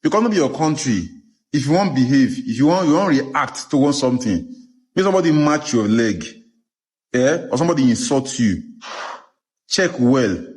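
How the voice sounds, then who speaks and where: Nigerian guy w/ pidgin-ish accent laying out tips, keeps asking "you understand", mid pitch. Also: lively intonation, moderate pace, a little mellow. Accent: Nigerian Pidgin-tinged English. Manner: instructive, checks in with "you understand?". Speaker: advice-giver. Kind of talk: casual advice.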